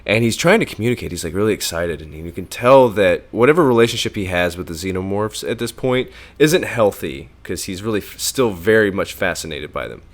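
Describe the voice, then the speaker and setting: A man co-hosting a casual film podcast, animated and profane, acting out movie lines as he talks. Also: low-pitched, brisk, few pauses. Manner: animated, swearing, acts out movie lines in bursts. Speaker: podcast co-host.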